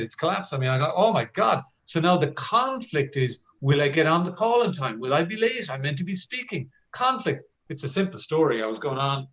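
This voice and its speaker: A man who coaches storytelling, talking on a video call. He is an animated storyteller who acts out scenes and often restarts his sentences. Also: a little high, rough recording. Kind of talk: conversational talk on a video call.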